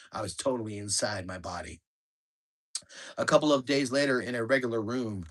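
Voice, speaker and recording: A man reading his own memoir in a calm, measured voice of middling pitch. He narrates in a steady, matter-of-fact way, letting the story carry itself. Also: slightly rough.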